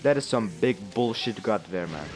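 A man's voice: lively intonation, fairly quick, background noise. Man swearing over a fighting game. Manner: profane, swings from low muttering to shouting. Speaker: gamer. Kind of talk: live gameplay commentary.

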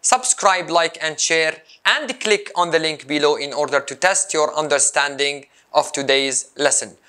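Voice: medium pitch, measured pace, pushed and bright. A language teacher giving a recorded lesson, saying each example word twice and then explaining it.

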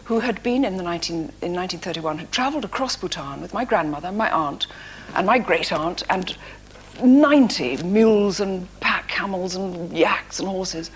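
A woman, a talk-show guest, telling animated, self-mocking anecdotes in a TV studio. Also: fairly low pitch, moderate pace, slight background noise. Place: TV studio before an audience.

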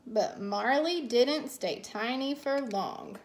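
A woman teacher reads a picture book aloud to children at bedtime. Her voice sits high and she takes her time, leaning into each line with lively expression. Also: noisy background. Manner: slow, expressive storytelling with character voices. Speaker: teacher reading a bedtime story.

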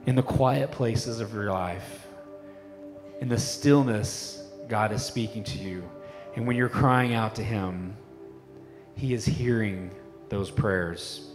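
Middle-aged pastor guy preaching, chatty with lots of fillers, echoey church hall, soft band music behind. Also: lowish voice, slow. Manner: conversational preaching, fillers like "like" and "you know". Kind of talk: sermon. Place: church sanctuary. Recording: long hall reverb with faint music. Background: faint worship band music.

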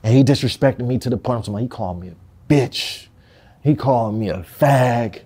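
A man's voice: medium pitch, normal speed, mellow. A man from Compton speaking in a candid interview, emphatic and full of street slang and profanity. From Compton, California.

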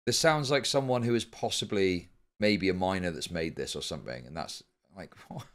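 A man's voice: low voice, moderate pace. A man streaming live commentary, arguing heatedly and swearing often.

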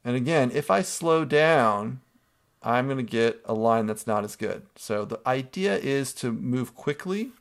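A man's voice: medium pitch, animated, measured pace. A male art teacher narrating a screen-recorded drawing tutorial, explaining each step patiently and checking in with students with a frequent "okay?".

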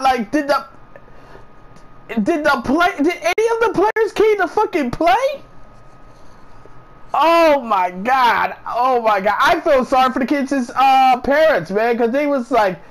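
A man's voice: very high voice, poor audio. A man ranting in a casual vlog, swearing a lot, repeating himself and sounding incredulous. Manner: profane, repetitive, incredulous ranting. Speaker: sports vlogger.

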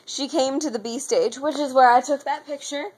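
A teenage girl telling an excited, rambling story in a casual vlog from her room. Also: high-pitched, normal speed, poor audio. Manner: gushing, rambling, says anyways a lot. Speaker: vlogger.

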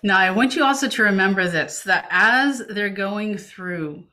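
A woman's voice: medium pitch, animated, unhurried, pushed and bright. A woman presenting a parenting webinar over a video call. She coaches parents in a reassuring way and reads questions from the chat aloud. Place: home setup, remote webinar. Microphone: computer mic on video call.

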